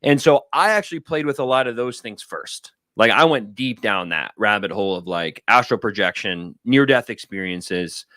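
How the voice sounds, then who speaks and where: A man in his thirties chatting casually on a livestream. He rambles through personal stories and acts out his friends' lines in a higher voice. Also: expressive, normal speed, hardly any pauses, bright, forceful tone, dry recording, clean studio sound. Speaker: guest. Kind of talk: casual storytelling conversation. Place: home studio.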